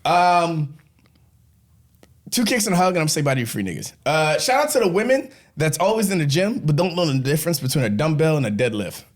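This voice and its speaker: A man hosts a podcast in a loose, joking way, swearing and laughing as he goes. He sounds winded and coughs between lines, and his pitch swings widely. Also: sing-song, brisk. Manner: joking, profane, laughing often. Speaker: podcast host. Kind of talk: casual podcast chat.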